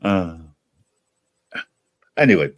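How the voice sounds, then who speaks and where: Male stream host, low voice, dry close sound, teasing banter. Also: big pitch swings, very slow, no room sound. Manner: teasing, laughs at his own jokes. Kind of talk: casual group chat on a live stream.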